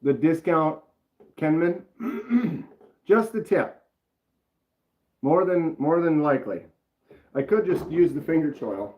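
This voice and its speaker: A man's voice: on the high side, expressive, takes it slowly, pauses often. A man casually chatting on a live stream, rambling and greeting viewers from the chat by name. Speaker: knife channel live streamer. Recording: roomy, slightly dull sound.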